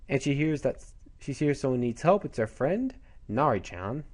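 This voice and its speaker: Mellow-voiced man recapping a comic. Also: mid-range voice, sing-song, moderate pace. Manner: rambling, chatty summarizing. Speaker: comic reviewer. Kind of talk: casual recap of a comic chapter.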